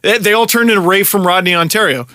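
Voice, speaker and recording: A man's voice: high voice, pushed and bright, dry recording. A Canadian man co-hosting a podcast, chatting casually with jokes and laughter. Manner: joking, laughing, quick comebacks. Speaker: podcast co-host. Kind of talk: casual chat.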